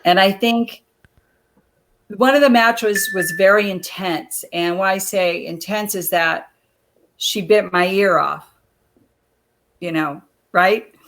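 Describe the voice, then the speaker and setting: A woman's voice: medium pitch, slow, long pauses, fairly bright tone, a little hiss or hum. A woman guest on a video call interview, telling stories in a chatty way and laughing often. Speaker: guest, former wrestler. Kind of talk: casual interview chat.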